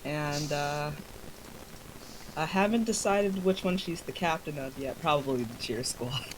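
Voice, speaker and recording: A woman playing a tabletop game, hesitant and low-key. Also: unhurried, a little hiss or hum, poor audio. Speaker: player. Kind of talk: casual chat.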